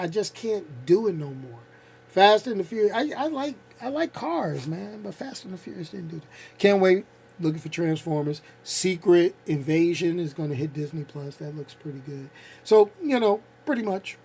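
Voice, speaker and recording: A man's voice: high-pitched, moderate pace, slightly rough. A man in his fifties hosting a casual vlog, ranting bluntly with slang and frequent laughs. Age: 50s. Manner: animated, blunt, laughs a lot, uses slang. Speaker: channel host.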